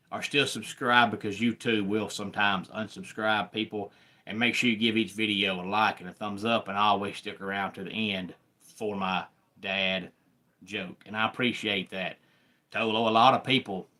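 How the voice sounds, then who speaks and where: A man with a Southern accent hosting a live sports talk stream, chatting with viewers in an unhurried way. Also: on the low side, bright, forceful tone. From American South. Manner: unhurried, greets viewers by name.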